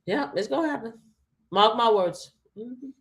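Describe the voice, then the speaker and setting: A woman's voice: on the high side, lively intonation, a little slow. A woman hosting a live stream, giving emphatic, repetitive commentary straight to her viewers from a home setup. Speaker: livestream host.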